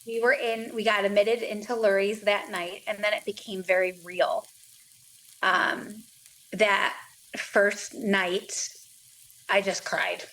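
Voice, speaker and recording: A woman in her thirties tells her own story as a podcast guest. She speaks plainly and earnestly, voicing the people she talked to along the way. Her voice sits in a middle pitch. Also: flat delivery, slow pace, fairly bright tone, poor audio. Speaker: guest, mother of two. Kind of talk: personal story in a podcast interview.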